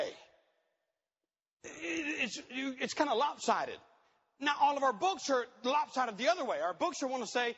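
A man's voice: very high-pitched, very animated, moderate pace, vocal fry, pauses often, fairly bright tone, husky. A man preaching a sermon at a conference, reading scripture aloud and repeating key words for emphasis. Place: church conference hall. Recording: dull recording in a reverberant hall.

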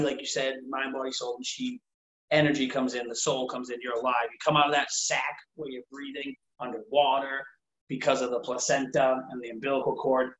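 His mid-range voice is a bit bright as he chats casually, going on earnestly and at length, peppering his talk with "like" and performing quoted dialogue. The sound is roomy and dull.

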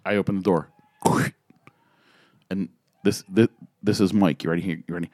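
A man in his fifties telling an excitable, profane story in a casual podcast chat. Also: sits low, moderate pace, pauses often. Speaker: former BMX rider telling a story.

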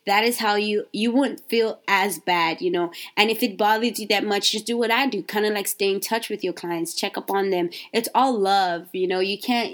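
Candid, animated woman business coach. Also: medium pitch. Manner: animated and candid, frequent fillers and self-corrections. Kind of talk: casual motivational podcast talk.

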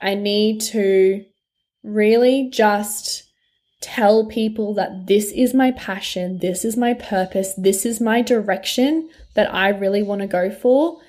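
A woman's voice: mid-range voice, slow, darkish tone. A young woman, a life coach talking candidly and frankly in a personal vlog, swearing freely and laughing often.

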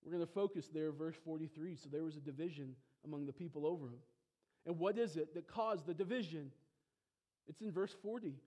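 A male pastor preaching a sermon, emphatic, with rhetorical questions, swinging between loud exclamations and hushed asides. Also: a little high, normal speed. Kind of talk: expository sermon.

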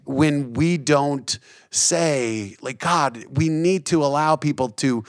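A man's voice: fairly high pitch, takes it slowly, dry recording, studio quality. A man in his forties, a comedian and TV host, telling stories as a guest in a casual conversation. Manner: earnest, animated storyteller, frequent restarts.

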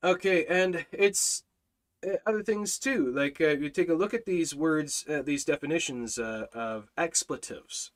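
A man's voice: a little high, a little slow. A man hosting a Bible study, speaking earnestly and emphatically, reading out scripture and restarting his sentences often.

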